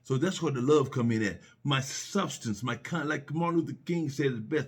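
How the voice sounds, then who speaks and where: Husky earnest middle-aged man. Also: mid-range voice, normal speed. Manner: earnest, repetitive, preachy with restarts and rhetorical questions. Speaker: speaker sharing personal faith reflections. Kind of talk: personal spoken reflection.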